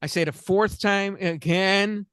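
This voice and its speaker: A man's voice: high-pitched, steady tone, a little slow, fairly bright tone, clear, resonant tone, dry recording. A man, host of a chat show, telling a long story in a rambling, self-interrupting way and laughing through the funny parts. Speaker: podcast host.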